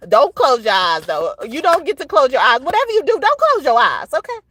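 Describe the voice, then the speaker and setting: A high-voiced woman gives an unhurried tarot reading, her pitch leaping up and down as she talks. She is blunt and profane, laughs between points and keeps checking in with "okay?". Her voice sounds dry and close, with no room echo. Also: wildly swooping pitch, fairly bright tone. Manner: blunt and profane, tags most phrases with "okay?". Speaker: tarot reader. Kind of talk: casual tarot reading to camera.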